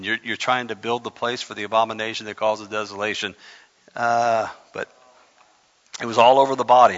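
A man preaching as pastor, animated, repeating words and pushing sudden loud emphasis. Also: fairly low pitch. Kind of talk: sermon. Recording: dull sound in a reverberant hall.

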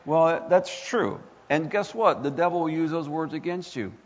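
At a normal speed and fairly high pitch, a man preaches a sermon as a pastor, escalating with passion until he's almost shouting and throwing out rhetorical questions. The hall echoes and the audio quality is dull and lo-fi.

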